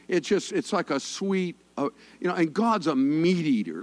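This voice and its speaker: Pastor, man, folksy joking sermon, high animated voice. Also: normal speed. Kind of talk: conversational sermon.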